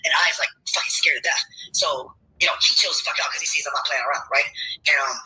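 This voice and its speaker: A man's voice: a little high, steady tone, fast talker, bright, forceful tone, low-quality recording. A man telling a rambling personal story in a played clip, full of filler words and swearing.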